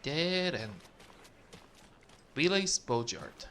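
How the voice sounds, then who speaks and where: A man casually commenting while playing a video game, excitable and swearing freely. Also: fairly high pitch, extremely slow, slight background noise. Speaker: gaming streamer. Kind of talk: casual let's-play commentary.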